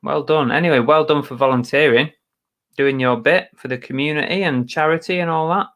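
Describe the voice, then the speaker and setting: A man's voice: on the high side, fairly quick, a bit bright. A man hosting a casual live stream chat, greeting viewers by name in a chatty, self-mocking way with mild muttered curses.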